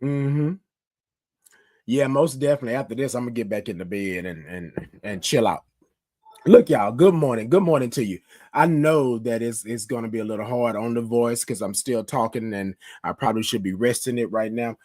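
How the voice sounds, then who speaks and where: A man in his fifties with a hoarse voice from a cold, hosting a casual morning live stream and greeting viewers by name. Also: medium pitch, moderate pace, darkish tone, no room sound. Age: 50s. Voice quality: rough, scratchy voice. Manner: chatty, greets viewers by name, calls them y'all. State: hoarse, sick with a cough.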